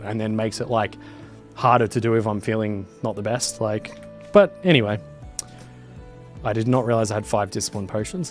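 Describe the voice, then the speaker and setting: A man, chatting casually and rambling while streaming a game. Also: lowish voice. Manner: rambling, lots of fillers. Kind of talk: casual chat while gaming.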